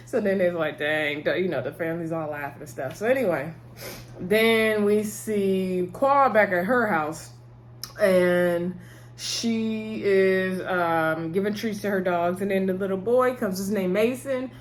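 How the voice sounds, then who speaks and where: A woman's voice: mid-range voice, measured pace, a little hiss or hum. A woman, chatting casually as she recaps a TV episode, rambling and laughing often. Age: 30s. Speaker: TV show reviewer.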